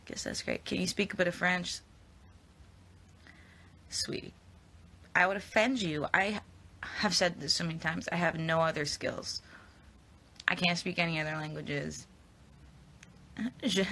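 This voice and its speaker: Young actress chatting casually with fans on her phone; bright, edgy tone, chatty and rambling. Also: lowish voice, steady tone, a little slow, vocal fry, pauses often, slight background noise. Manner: chatty, giggly, rambling with fillers. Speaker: actress answering fan questions. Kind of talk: casual live Q&A chat.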